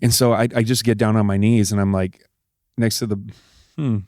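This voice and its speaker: A middle-aged Texan husband, appearing as an interview guest, earnestly retells an emotional family ordeal, his personal story full of fillers. His voice is on the low side and darkish, with fairly even intonation and normal speed. The recording is dry and studio quality.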